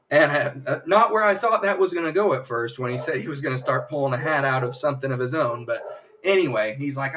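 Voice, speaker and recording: A man streaming a casual spoiler recap, rambling and acting out characters' lines in quick, jumpy voices. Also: mid-range voice, a bit bright, recorded from a distance, a little hiss or hum. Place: home streaming setup.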